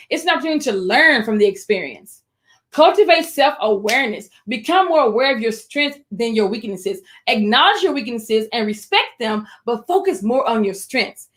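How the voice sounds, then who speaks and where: Over a computer microphone, a woman presents an online webinar for educators in a fairly high voice. She's encouraging, addresses her audience directly, and slows down to stress key phrases.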